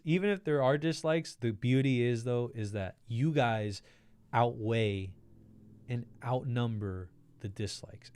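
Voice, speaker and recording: A man's voice: medium pitch, a little mellow, clean tone, dry recording. Livestream host, male, mid-range voice, grateful and upbeat while reading out chat, dry recording. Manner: reads viewer comments aloud, thanks them effusively, laughs often.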